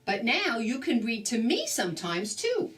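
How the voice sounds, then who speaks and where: A gentle loving mom, read by a grandma. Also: female voice, a little high, huge pitch swings, unhurried, distant mic, exaggerated voice. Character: gentle loving mother of a small child.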